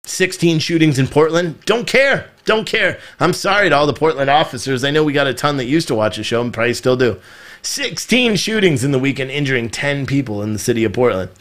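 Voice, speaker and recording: A man's voice: medium pitch, animated, quick pace, a bit bright. A man hosting a live political commentary show, talking in a frustrated, rambling way and often repeating himself. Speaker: podcast host.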